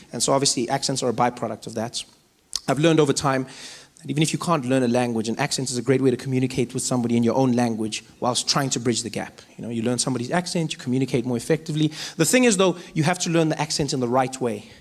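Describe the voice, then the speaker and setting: A man with a South African accent performing stand-up comedy, animated and full of mimicked voices. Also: medium pitch.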